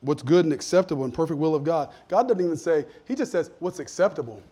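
A man's voice: on the high side, lively intonation, fast talker, slightly rough. Man preaching with rising emphasis. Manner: conversational preaching, drops to soft asides and rises to emphatic points. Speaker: pastor. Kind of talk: sermon.

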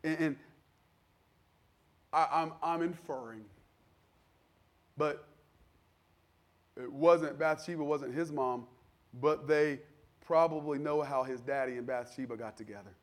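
A man preaching a sermon in a conversational style, acting out the people in his stories and building to loud, fervent peaks. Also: fairly high pitch, unhurried, pauses often. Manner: conversational preaching, acts out quoted voices, builds to shouting. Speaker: pastor.

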